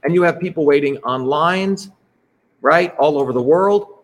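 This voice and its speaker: A man with a somewhat raised pitch leads a presentation. He talks emphatically and digresses often, drops asides mid-sentence and keeps checking in with the listeners. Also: moderate pace. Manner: emphatic, digressive, keeps asking "right?" and inserting "by the way". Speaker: presenter leading an online talk. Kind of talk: rambling presentation to an audience.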